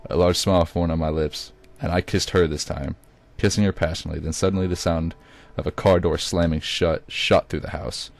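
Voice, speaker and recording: Deep-voiced man reading his story. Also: steady tone, fairly quick, vocal fry, hardly any pauses, faint music behind. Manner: occasional stumbles and self-corrections. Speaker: reader. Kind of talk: amateur first-person story reading.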